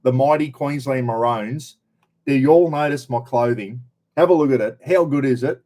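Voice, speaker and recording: A man's voice: medium pitch, normal speed, warm tone. Laid-back Australian man chatting live. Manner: chatty, laid-back, greets viewers by name. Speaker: livestream host. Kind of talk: casual live chat with viewers. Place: in a caravan on the road.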